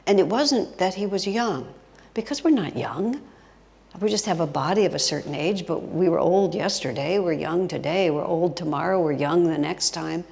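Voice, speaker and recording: A woman's voice: on the low side, lively intonation, moderate pace, creaky, a little mellow. A woman giving a spiritual talk as a guest teacher, telling stories expressively and dropping to a whisper for emphasis. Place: retreat hall. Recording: long hall reverb.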